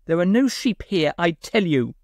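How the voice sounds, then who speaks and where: Fussy whiny young fella, high and shrill, storybook voice , a man putting him on. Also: sing-song, normal speed, vocal fry, darkish tone, dry recording, studio quality, full character voice. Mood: indignant. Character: peevish plump coddled young man.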